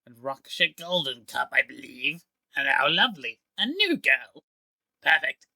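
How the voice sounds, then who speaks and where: A man's voice: mid-range voice, sing-song, measured pace, creaky, sharp tone, dry recording, heavily acted. A man voicing a cold, menacing male villain who speaks through a severed head with a sneering, taunting manner.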